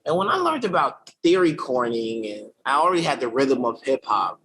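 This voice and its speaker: A man in a relaxed interview, telling his story in loose, slang-heavy speech with plenty of fillers and false starts. His voice sits in a middle pitch, and a faint hiss runs underneath. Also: moderate pace, rough recording. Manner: slangy, energetic, many fillers and restarts. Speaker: podcast guest, creative director. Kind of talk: casual conversational storytelling.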